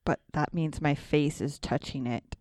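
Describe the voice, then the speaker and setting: A woman's voice: low-pitched, steady tone, measured pace, a little mellow, no echo. A woman in her thirties, co-hosting a podcast in casual chat, often laughing as she tells family stories close to the mic. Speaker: podcast co-host.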